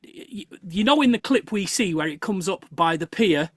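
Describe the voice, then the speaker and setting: A host in casual chat tells a story with animated energy, stopping and restarting mid-sentence. The voice sits at a middling pitch, recorded dry and close with no room sound. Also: moderate pace, no echo. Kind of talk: casual chat on a live show.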